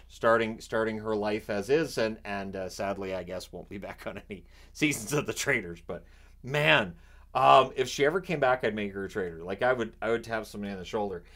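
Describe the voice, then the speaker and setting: A man from Canada chatting casually about a reality show he watches, animated and often restarting his sentences. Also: lowish voice. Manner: animated, acts out quotes in raised voice; repeats and restarts words often. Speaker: vlogger. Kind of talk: casual chat.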